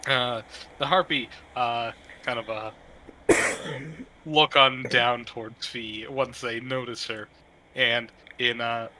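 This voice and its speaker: A man running a tabletop game as game master, narrating in a halting way, full of fillers and restarts. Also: medium pitch, steady tone, pushed and bright, a little hiss or hum.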